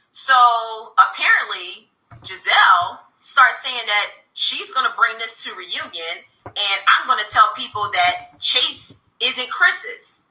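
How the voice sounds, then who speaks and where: Woman in her thirties, very bright voice, fairly high, indignant and emphatic, candid interview telling, echoey room. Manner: emphatic, indignant, fast-talking. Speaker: reality TV cast member. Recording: roomy echo.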